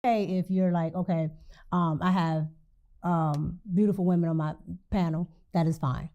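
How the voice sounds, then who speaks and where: A woman's voice: on the low side, steady tone, normal speed, mellow. A woman speaking casually in a played clip, hesitant, with fillers. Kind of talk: casual talk.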